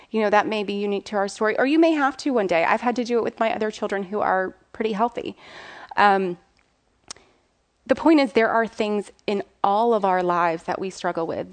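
A woman in her thirties, a mother, giving an earnest and candid personal faith testimony, pausing and restarting as she speaks. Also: mid-range voice.

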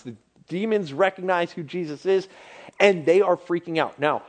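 High-voiced man preaching animatedly. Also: moderate pace. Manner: animated, conversational preaching with dramatic drops to near-whisper. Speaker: pastor. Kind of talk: sermon.

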